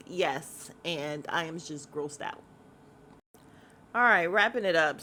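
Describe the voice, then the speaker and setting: Sassy, bright-voiced woman podcaster. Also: on the low side. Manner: sassy, blunt, swears freely, quick asides and laughs. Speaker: podcast host recapping a reality show. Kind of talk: casual chat.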